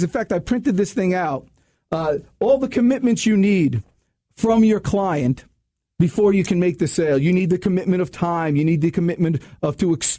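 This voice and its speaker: A man hosting a sales radio show, talking high and swinging his pitch all over. His voice is mellow and warm even when he gets loud and preachy. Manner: animated, preachy, laughs at himself. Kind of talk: sales talk radio monologue.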